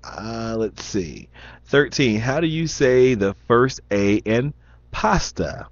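A man's voice: medium pitch, lively intonation, slow, dry recording. A young man with a slight Southern Indiana accent, chatting casually and rambling as he reads questions aloud, with many ums and restarts. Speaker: vlogger. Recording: dull lo-fi sound, dry.

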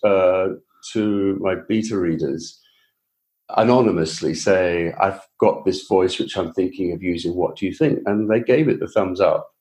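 A guest author from England with a Received Pronunciation accent tells his story in a casual interview, chatty and self-deprecating. His voice is low, a little mellow, and unhurried.

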